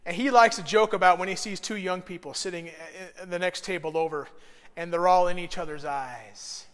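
A pastor delivers a sermon in a high, bright-edged voice. He moves from quiet, earnest passages to loud, emphatic bursts. His voice rings with a long reverb in a church sanctuary. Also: normal speed. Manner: conversational, swings from hushed earnestness to loud bursts.

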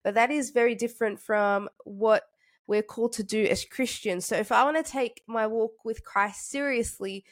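A woman's voice: on the high side, steady tone, moderate pace. Young woman, congested, casual podcast host, chatty with fillers. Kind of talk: casual faith podcast talk.

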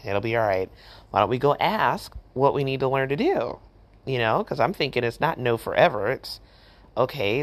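Woman host, middle-aged, chatty storyteller who acts out quotes; casual, filler-heavy delivery. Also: very deep voice. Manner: chatty, animated, many fillers and quoted dialogue. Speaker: podcast host.

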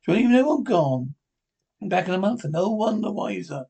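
An actor playing a scheming henpecked husband in a 1950s radio drama, talking in a confiding, conspiratorial way. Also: male voice, sits high, expressive, brisk, vocal fry, dark tone, slightly rough, heavily acted. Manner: confiding, conspiratorial, eager to show off. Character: sly henpecked middle-aged husband, scheming and pleased.

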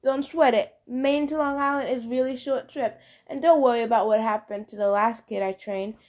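A woman's voice: on the high side, fairly even intonation, normal speed, a little mellow, natural voice. A woman voicing a cocksure young male sun god in an audiobook, easygoing and joking. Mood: breezy.

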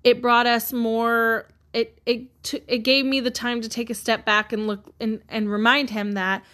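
A woman in her thirties talking earnestly and haltingly about loss and gratitude, emotional at times. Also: a little high, flat delivery, a bit bright. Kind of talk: personal reflective monologue.

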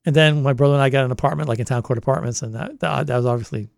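A man's voice: mid-range voice, very fast, vocal fry, a little mellow, no room sound. A man in his sixties with a Boston accent, recalling his years at a college radio station in a rambling oral history interview. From Boston area. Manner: rambling storyteller, many restarts. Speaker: longtime college radio volunteer.

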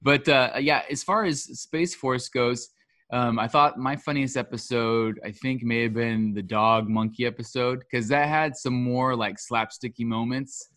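A man co-hosts a casual podcast, musing through his opinions in a loose, rambling way. His voice sits at an ordinary pitch. The sound is dry, close and free of room echo. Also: unhurried. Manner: relaxed, rambling opinions with fillers. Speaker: podcast co-host. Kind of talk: casual chat.

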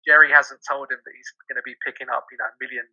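Male podcast host, measured film explainer, sharp bright voice, mid pitch. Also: level tone, no echo, muffled recording. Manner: measured, explaining, leans on fillers like "you know". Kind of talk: casual film chat.

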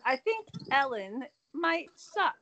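A young woman casually chatting as a podcast co-host, chiming in with quick agreeing comments. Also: high voice, big pitch swings, crowd noise. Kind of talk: casual chat.

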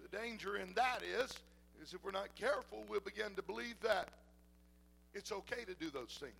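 A high-voiced male pastor with a gravelly edge, preaching a sermon. His tone is bright and forceful, and he swings between ringing declarations and hushed, close talk with the congregation. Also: normal speed, a little hiss or hum, rough recording. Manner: shifts between loud preaching and soft intimate talk.

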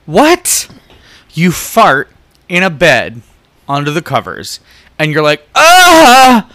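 A man's voice: on the high side, very animated, takes it slowly, a bit bright, no echo. A man co-hosting a podcast in casual chat, playful and laughing often. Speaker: podcast co-host.

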